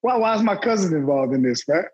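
A man's voice: sits high, animated, fast, a little mellow, lo-fi sound. A man co-hosting a podcast, chatting casually, laughing a lot and swearing freely. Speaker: podcast co-host. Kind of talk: casual chat.

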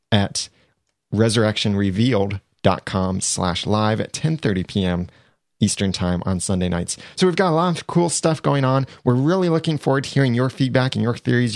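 A man's voice: on the low side, dry recording, studio quality. A man hosting a podcast, chatting casually about a TV episode and reading out show announcements. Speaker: podcast host.

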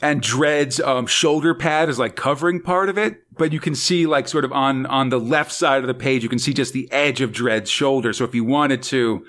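A man's voice: mid-range voice, normal speed, hardly any pauses, a bit bright. A man hosting a casual podcast chat, rambling and hesitant, with lots of fillers and small laughs. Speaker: podcast host.

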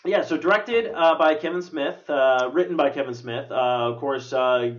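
A man's voice: medium pitch, moderate pace, far from the mic. A man hosting a casual movie review podcast, rambling with fillers and swearing freely. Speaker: podcast host. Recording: dull lo-fi recording.

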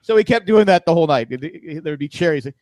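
A man's voice: a little high, lively intonation, quick pace, a little mellow, no echo. A man co-hosting a podcast in casual chat, joking and ranting in mock exasperation. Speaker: podcast co-host.

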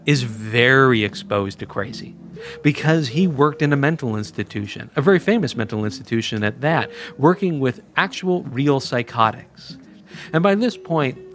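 A man's voice: medium pitch, fairly bright tone. A man telling a first-person story as a podcast host, in a conversational, wry and emphatic way.

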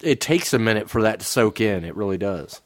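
A man's voice: lowish voice, animated, fairly quick, no echo, studio quality. A man co-hosting a casual chat who laughs easily and tells stories loosely. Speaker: co-host.

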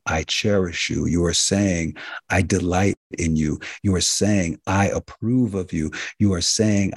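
A man's voice: low voice, husky, no echo, studio quality. A man hosting a health talk radio show, speaking in an emphatic, repetitive, preacher-like cadence and addressing listeners directly as folks and healers.

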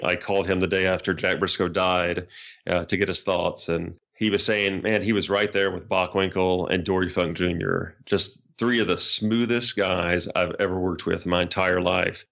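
A man with a fairly low voice hosts a podcast in relaxed conversation. He tells stories at length and leads into the next clip. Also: gravelly. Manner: storytelling, introduces clips. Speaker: podcast host. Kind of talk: casual chat.

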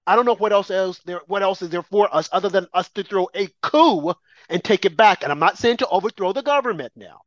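A man co-hosting a political talk show, speaking with impassioned emphasis and lively swings in volume. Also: high-pitched, brisk, dry recording, lo-fi sound. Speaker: co-host.

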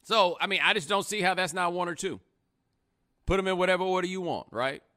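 A young adult man hosting a live podcast, chatting casually with a sarcastic, animated delivery. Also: a little fast. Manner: animated, sarcastic, rising pitch when joking. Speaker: podcast host. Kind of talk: casual live-stream commentary.

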